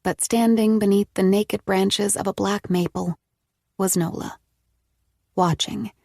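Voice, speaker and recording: A woman narrating an audiobook in a steady, measured way. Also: mid-range voice, vocal fry, no room sound, studio quality.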